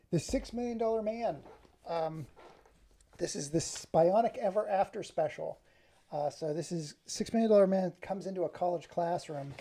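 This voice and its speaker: A man's voice: fairly high pitch, gravelly, mellow. A man talking casually to the camera in a rambling, self-deprecating way. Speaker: vlogger.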